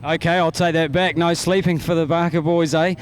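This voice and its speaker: A man's voice: on the high side, little pitch movement, brisk, slight background noise. A man with a New Zealand accent interviewing drivers trackside after a race, upbeat and chatty. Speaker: pit interviewer. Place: outdoors at a speedway.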